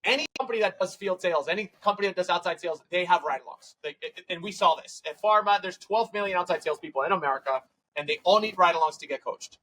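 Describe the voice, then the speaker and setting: A man, a tech company CEO, telling stories as a guest in a casual podcast interview, acting out quoted dialogue with quick, run-on phrasing. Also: high-pitched, pushed and bright, rough recording. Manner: fast, run-on phrasing with restarts.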